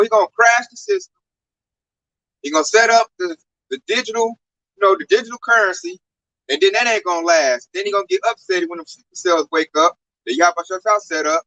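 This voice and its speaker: Speaking with a high, bright, forceful voice, a man joins a casual religious conversation, using slang, pressing his points hard, and acting out quotations in his own words. The recording has no room sound but is muffled and lo-fi.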